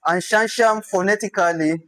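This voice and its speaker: Giving an informal lesson, a language teacher with a Nigerian accent slowly repeats words to demonstrate how they're pronounced. The voice is mid-range and a little bright, and the recording is rough.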